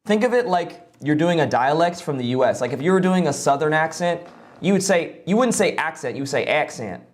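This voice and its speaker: A man's voice: fairly high pitch, animated, a little fast. Casual young male streamer, swearing freely. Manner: loose and profane, lots of "like" fillers. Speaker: streamer giving voice acting advice. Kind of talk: casual live-stream talk.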